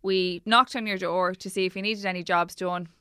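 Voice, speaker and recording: A woman's voice: lowish voice, steady tone, moderate pace, sharp tone, clear, resonant tone, no echo, studio quality. A young woman with an Irish accent co-hosting a podcast in a chatty, gossipy way. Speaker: podcast co-host. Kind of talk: casual chat.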